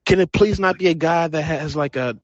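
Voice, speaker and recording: A man's voice: fairly high pitch, fairly quick, no echo, lo-fi sound. A man calling in to a live podcast, making his points casually and persuasively. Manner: persuasive, keeps saying "listen". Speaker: caller. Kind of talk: casual call-in chat. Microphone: live audio app.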